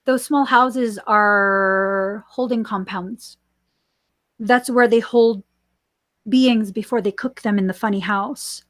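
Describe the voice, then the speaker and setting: A woman hosting a spiritual podcast, speaking slowly and earnestly and repeating her warnings. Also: mid-range voice, fairly even intonation, fairly bright tone, dry recording. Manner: slow, earnest and warning, with repetitions. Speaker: podcast host. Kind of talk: spiritual channeling chat.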